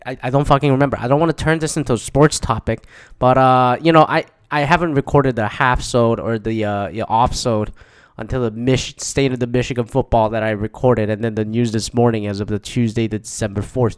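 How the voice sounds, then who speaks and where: A man's voice: medium pitch, clean tone, no echo, clean studio sound. A man hosting his own show, talking alone in a rambling, profane way with frequent restarts. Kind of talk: casual solo monologue.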